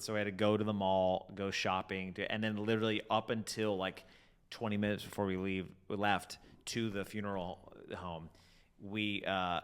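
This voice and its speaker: Low-voiced man telling a rambling story. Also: fairly bright tone, clean tone. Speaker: podcast co-host. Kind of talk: casual storytelling chat.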